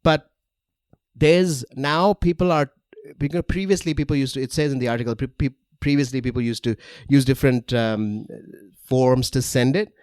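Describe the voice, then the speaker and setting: A man's voice: medium pitch, normal speed, darkish tone, clean tone, no echo, studio quality. A young man co-hosting a casual podcast chat, joking and laughing between his words. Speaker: podcast co-host.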